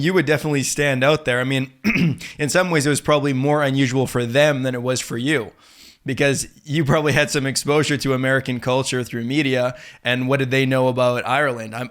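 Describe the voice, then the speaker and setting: Smooth-voiced host. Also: male voice, mid-range voice, fairly even intonation, a little fast, fairly bright tone. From Canada. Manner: thoughtful, explains at length, laughs easily. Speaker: podcast host. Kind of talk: conversational interview.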